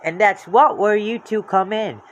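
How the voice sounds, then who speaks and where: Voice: mid-range voice, a little slow, muffled recording, slight background noise, pitched above the performer's own voice, lightly acted. A storybook reader voicing a smart, practical young woman laying out a plan in a plain, instructive way.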